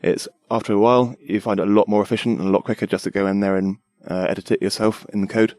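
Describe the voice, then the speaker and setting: A man's voice: fairly low pitch, steady tone, fast, darkish tone, dry recording. A young man, a designer, chatting eagerly about his work in a rambling way with fillers. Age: young adult. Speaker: designer guest. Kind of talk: casual tech chat.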